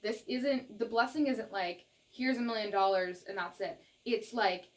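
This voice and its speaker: A young adult woman from Canada giving a casual tarot reading straight to viewers, laughing often and repeating herself in her excitement. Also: mid-range voice, moderate pace. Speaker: tarot reader.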